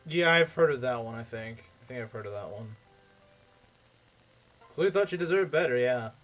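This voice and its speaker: A man's voice: medium pitch, animated, moderate pace, a bit bright, faint music behind. A young man commenting casually on a strategy game as he plays, rambling, repeating himself and making jokey asides to his chat. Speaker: let's play streamer.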